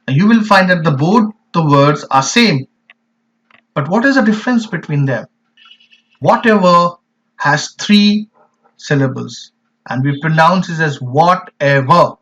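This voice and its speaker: A man gives a poetry lesson for an online class, explaining each term slowly and with emphasis. His voice sits a little high for a man. The recording sounds dull and lo-fi. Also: big pitch swings, a bit bright. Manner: slow, emphatic explanations with repeated examples. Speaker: teacher.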